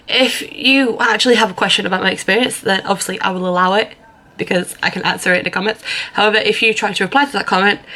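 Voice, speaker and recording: A woman's voice: medium pitch, a bit bright. A young woman vlogging in a casual, rambling way, full of fillers and restarts. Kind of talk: casual vlog chat.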